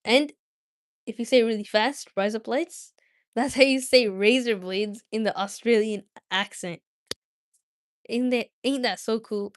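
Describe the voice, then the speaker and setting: A woman's voice: fairly high pitch, unhurried, no echo, studio quality. A woman hosting a livestream, talking casually and giggling as she chats straight to her viewers. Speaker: livestream host.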